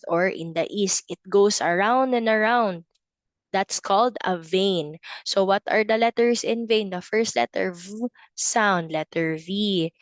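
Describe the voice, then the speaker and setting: A woman leads a preschool phonics class at a slow, unhurried pace. Her voice is smooth and clear, and she draws words out and repeats them patiently. The sound is close and dry. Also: medium pitch, no echo. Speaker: preschool teacher. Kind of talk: phonics lesson for young children.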